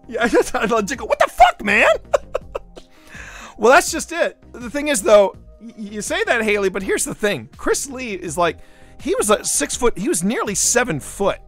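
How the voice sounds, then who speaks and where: A man streaming from home in casual chat, telling stories with lively voiced impressions. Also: very high voice, normal speed, soft background music. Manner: animated storytelling with voiced impressions.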